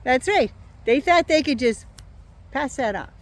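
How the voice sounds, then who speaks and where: A woman's voice: sits high, lively intonation, measured pace. An older woman vlogging outdoors in her yard, talking to a phone or camera held at arm's length in a sarcastic, mocking casual rant.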